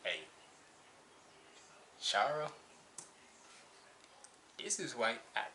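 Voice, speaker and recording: A man's voice: medium pitch, pushed and bright, a little hiss or hum, rough recording. A man hosting a music reaction video, talking casually and preachily, repeating his points for emphasis. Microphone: cheap basic mic.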